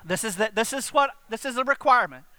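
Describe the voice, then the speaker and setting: Animated high-voiced male preacher. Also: fast, no echo. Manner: animated, direct, asks the congregation questions. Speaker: pastor. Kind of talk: sermon.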